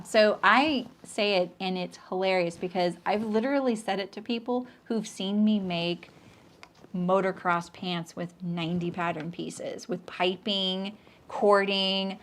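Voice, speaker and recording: Middle-aged woman chatting on a live sewing stream, joking, lots of restarts, average pitch. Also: fairly even intonation, slow pace. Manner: chatty and joking, lots of restarts, often drops into a low aside. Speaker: sewing pattern designer hosting a live stream. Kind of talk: casual live-stream chat, reading comments aloud.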